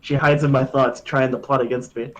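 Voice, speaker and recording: A man's voice: mid-range voice, flat delivery, a little fast, fairly bright tone, highs cut off. A man speaking as a player in a tabletop role-playing game, voicing his paranoid character in an offhand, matter-of-fact way.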